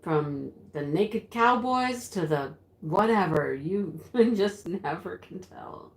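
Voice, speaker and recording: A woman's voice: on the low side, lively intonation, slow pace. An actress playing a rambling, easily flustered woman who hosts a home craft livestream and giggles often. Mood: giggly flustered. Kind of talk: sketch comedy character acting. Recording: roomy echo.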